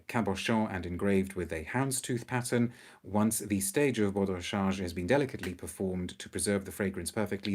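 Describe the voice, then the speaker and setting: A middle-aged man hosting an unscripted live-stream review, chatty and animated, reacting to viewer comments. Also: sits low. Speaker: perfume reviewer, show host.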